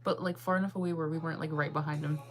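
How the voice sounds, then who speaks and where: A woman hosting her own channel, telling a story to viewers in a casual, animated way, laughing often and saying "like" a lot. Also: deep voice, racing, background noise. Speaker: channel host.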